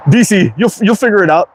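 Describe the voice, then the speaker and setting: A man's voice: high-pitched, a little hiss or hum. A man in his fifties with a Quebec English accent, hosting a casual livestream chat, reading comments aloud and often repeating his words. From Quebec, Canada. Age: 50s. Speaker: livestream host.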